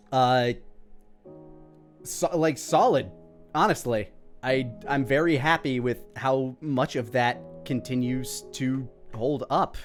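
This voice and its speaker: A man's voice: mid-range voice, a bit bright. A man giving casual commentary on his own old parody video, rambling and self-deprecating. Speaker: creator and commentator.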